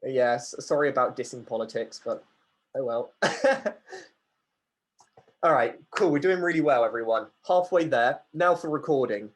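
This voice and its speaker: A man's voice: medium pitch, normal speed. A man running an online workshop, chatty, reading out questions from the chat and answering them. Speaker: workshop facilitator.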